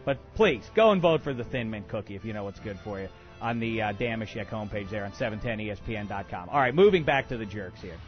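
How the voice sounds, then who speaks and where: A man hosting a comedic sports talk radio show, ranting in an excitable, bombastic way with many uhs. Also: lowish voice, fast, highs cut off, soft background music. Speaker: radio host.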